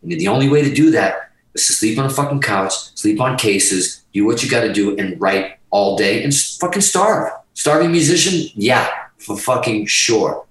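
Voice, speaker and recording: A man's voice: medium pitch, lively intonation, normal speed, hardly any pauses, a bit bright, distant mic. A middle-aged man, telling a story in casual talk, swearing constantly and emphatically, getting emotional. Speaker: podcast guest. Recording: roomy, from off the mic.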